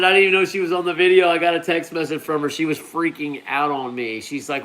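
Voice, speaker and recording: A man's voice: fairly high pitch, steady tone, fast talker, hardly any pauses, fairly bright tone. A man hosting a live stream, talking in a loose, rambling way and calling viewers "man" and "bro". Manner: laid-back, rambling, peppers talk with "man" and "bro". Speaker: hot pepper grower hosting a live stream. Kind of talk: casual live-stream chat.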